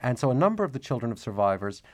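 A man talking as a guest author in an interview, reflective and measured, at times reading passages from his own book aloud. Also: mid-range voice, sing-song, a little mellow.

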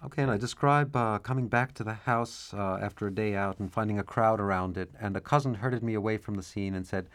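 Author guy on a radio interview, lowish voice, thoughtful, reads from his book. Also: fairly quick, hardly any pauses, a bit bright. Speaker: author and cartoonist guest.

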